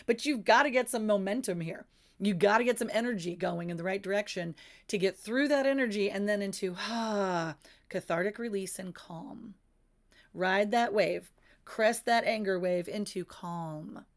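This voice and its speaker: Middle-aged woman, livestream host and coach, mid-pitched, earnest, instructive. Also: normal speed. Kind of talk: casual live-stream teaching.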